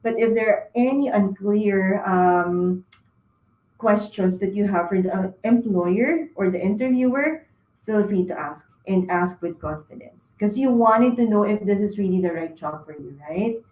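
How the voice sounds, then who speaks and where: A woman's voice: medium pitch, a little slow, a little mellow, echoey room, low-quality recording. A woman giving interview advice to students, with lots of fillers and frequent "okay?" check-ins. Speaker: career talk speaker. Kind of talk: career advice talk to students.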